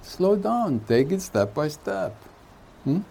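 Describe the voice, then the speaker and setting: A man speaking as a spiritual teacher at a retreat, giving an unhurried satsang talk with jokes and chuckling between his thoughts. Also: high voice, sing-song, vocal fry, dark tone, breathy edge. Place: retreat hall.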